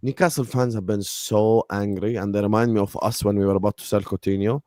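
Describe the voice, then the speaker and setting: A man's voice: on the low side, fairly even intonation, fairly quick, mellow, no room sound, studio quality. A man hosting a casual podcast chat, loose and filler-heavy, full of slang. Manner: laid-back British slang, filler-heavy. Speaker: host.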